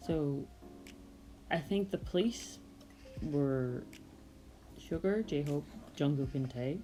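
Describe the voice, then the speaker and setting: An artist narrates her drawing video in a casual, rambling voice-over, meandering and often hesitating or correcting herself. Her voice sits low and sounds expressive and mellow, she speaks slowly, and the recording quality is low.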